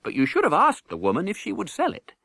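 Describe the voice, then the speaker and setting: A man voicing a confident, clever knight who speaks briskly and takes charge. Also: high voice, wildly swooping pitch, gravelly, pushed and bright, no echo, studio quality, pitched above the performer's own voice, full character voice. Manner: brisk, commanding.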